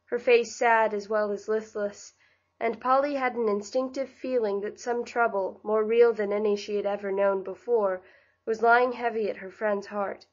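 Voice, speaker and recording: Gentle woman narrating a classic novel. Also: mid-range voice, dull audio. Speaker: audiobook narrator. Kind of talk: scripted narration.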